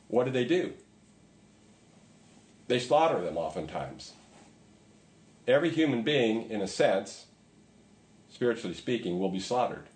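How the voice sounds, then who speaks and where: A man's voice: medium pitch, darkish tone, reverberant. A man preaching a sermon in a conversational way, with emphatic repetition. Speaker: pastor.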